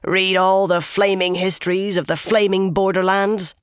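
A reader voicing a gruff, grim one-eyed male soldier who growls, talks bluntly and keeps biting back his curses. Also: mid-range voice, little pitch movement, normal speed, no echo, clean studio sound, lightly acted. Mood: growling.

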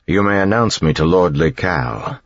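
A man's voice: low voice, expressive, normal speed, no echo, dull audio, pitched above the performer's own voice. A man voicing a resolute young male nobleman who speaks firmly and in command. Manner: firm, commanding. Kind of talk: audiobook character voice.

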